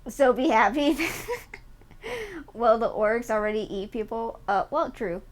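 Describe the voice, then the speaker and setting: A woman's voice: on the high side, measured pace. Giggly, playful woman streamer. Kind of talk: casual stream chat reacting to a video.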